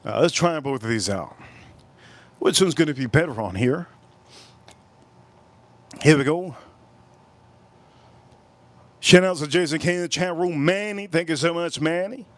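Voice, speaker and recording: A man hosting a casual live stream, reading out chat messages and giving shout-outs, repeating his phrases and swinging between loud bursts and low mutters. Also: measured pace, long pauses. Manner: animated, reads out chat and gives shout-outs.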